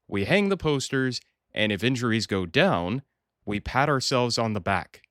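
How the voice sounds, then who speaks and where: A man hosts his podcast in a punchy, scripted monologue, with a dry, sarcastic edge to his storytelling. His pitch rises and falls freely as he builds each point. The sound is close and dead dry, with no room around it. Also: fairly bright tone, no echo. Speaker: podcast host.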